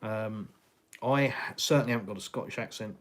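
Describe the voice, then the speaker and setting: A man's voice: on the low side, brisk, a bit bright. A middle-aged English man with a southeastern accent and a slight West Country twang, rambling casually on a live stream and answering viewer comments. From England. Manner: rambling, many fillers and restarts, chatty.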